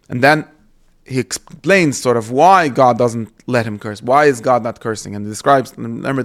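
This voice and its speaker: Gravelly man teaching scripture. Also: medium pitch, fairly bright tone. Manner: reads Hebrew verses aloud and translates them, with fillers and restarts. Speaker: Bible teacher. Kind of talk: explanatory lesson on scripture.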